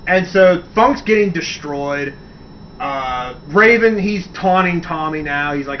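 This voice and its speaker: A man's voice: fairly high pitch, lively intonation, takes it slowly. Chatty man rambling about wrestling. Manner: enthusiastic, rambling, swears casually. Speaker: radio show host. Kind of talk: casual wrestling talk segment. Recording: distant dull mic with faint hiss.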